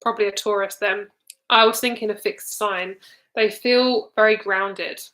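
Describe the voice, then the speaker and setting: A woman's voice: medium pitch, steady tone, moderate pace, a bit bright. Chatty young woman giving a live card reading. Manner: casual, chatty, swears freely, trails off with ums. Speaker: tarot reader.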